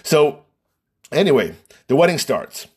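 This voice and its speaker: Man, wedding photographer, husky voice, very lively pitch, rambling storyteller who laughs a lot. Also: unhurried. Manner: rambling, animated, laughs often, many fillers. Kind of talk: casual anecdote telling.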